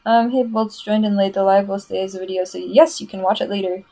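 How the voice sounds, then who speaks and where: A woman talks her way through a livestream, chatty and rambling as she jumps between her own points and viewer comments. Her voice sits at an ordinary middle pitch for a woman. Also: level tone, a little fast, mellow, poor audio. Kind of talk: casual livestream chat.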